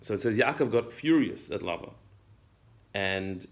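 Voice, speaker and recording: Teaching a religious text class, a Torah teacher with a low voice reads Hebrew passages and explains each one in plain English. He speaks unhurriedly and expressively, often repeating words.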